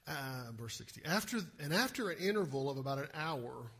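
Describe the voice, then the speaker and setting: A male pastor giving an animated sermon and often asking the listeners rhetorical questions. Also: a little high, a little fast, husky.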